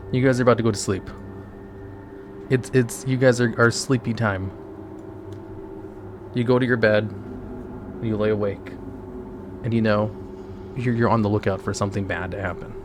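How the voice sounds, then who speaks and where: A man casually narrating a choose-your-own-adventure game live for his chat, playful and loose. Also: on the low side. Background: background music.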